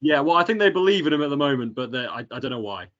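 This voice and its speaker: A man's voice: mid-range voice, very animated, very fast, fairly bright tone, dull audio. Hesitant man giving football opinions. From England. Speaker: podcast co-host. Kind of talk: casual football chat. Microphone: video call.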